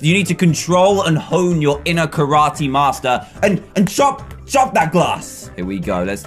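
A man giving excitable gameplay commentary, laughing often and bursting into shouts as he plays. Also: a little high. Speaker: gaming commentator.

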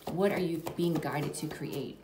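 A woman giving a spiritual tarot reading to her viewers, soft and reassuring, often dropping to a whisper. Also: low voice, a little slow. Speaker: tarot reader. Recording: echoey room, distant mic, background noise.

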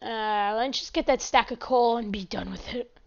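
A woman giving casual, excitable gameplay commentary as a channel host, chatty and prone to sudden shouts and apologies. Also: fairly high pitch, normal speed, muffled recording.

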